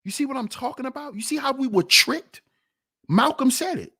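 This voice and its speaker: A man's voice: very high voice, lively intonation, a little fast, slightly rough. Fired-up man preaching on a livestream. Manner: preachy, rhetorical, swings from loud to sarcastic mutter. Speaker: livestream host.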